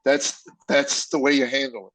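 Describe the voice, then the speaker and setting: A man's voice: mid-range voice, sing-song, a little slow, fairly bright tone, no echo, low-quality recording. An older man, a comedian guest, telling candid personal stories with emotion and acting out quoted dialogue.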